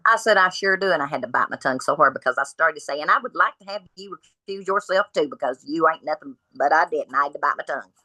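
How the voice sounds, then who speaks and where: A woman's voice: low-pitched, fast talker, few pauses, dry recording, rough recording. A woman, a podcast guest telling her story from home, bluntly acting out what each person said. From Kentucky. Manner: blunt, animated retelling of dialogue.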